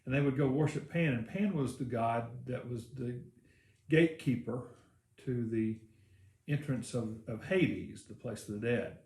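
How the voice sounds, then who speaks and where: A man's voice: medium pitch, a little slow, darkish tone. A male pastor preaching a sermon, telling the story in a casual, rambling way with many fillers. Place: church. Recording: echoey church room.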